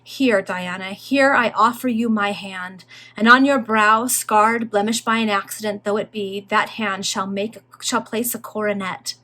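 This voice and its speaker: A woman's voice: mid-range voice, fairly even intonation, a little slow, bright, forceful tone. A woman reading aloud and voicing an earnest, proud male earl who speaks in formal, old-fashioned phrases. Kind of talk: reading a Victorian novel aloud.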